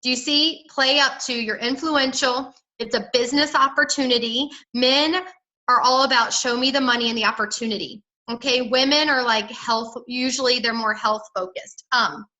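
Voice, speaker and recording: A woman's voice: on the high side, fairly even intonation, normal speed, sharp tone, low-quality recording. A woman giving an upbeat, direct pep talk to her sales team on a video call. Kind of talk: motivational coaching on a team call.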